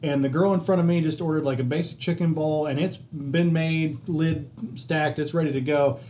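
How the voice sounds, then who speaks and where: A man's voice: on the high side, moderate pace. A man co-hosting a podcast, telling a story casually with plenty of swearing. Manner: profane, animated anecdote-telling with quoted voices. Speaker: podcast co-host.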